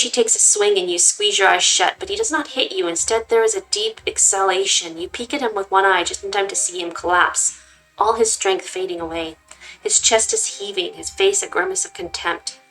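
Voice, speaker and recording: A woman reading a text-based game aloud in an expressive way and stopping to make casual remarks. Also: mid-range voice, normal speed, soft background music, poor audio. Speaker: gaming channel host. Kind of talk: reading a visual novel aloud with comments.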